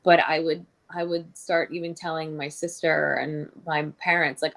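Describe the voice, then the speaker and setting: A young adult woman telling her personal story as an interview guest, candid and halting, with many restarts and fillers. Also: deep voice, level tone, gravelly, a bit bright.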